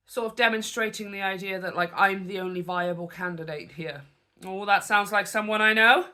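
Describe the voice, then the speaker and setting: A woman hosting reaction commentary as a spiritual coach, talking in an animated, conversational way with preachy asides. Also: mid-range voice, moderate pace, long pauses.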